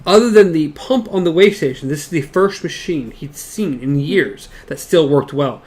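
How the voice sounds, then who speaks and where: A man co-hosting a casual book discussion podcast, reading passages aloud haltingly with stumbles and side comments. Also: a little high, lively intonation, a little mellow, slightly rough. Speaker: podcast co-host.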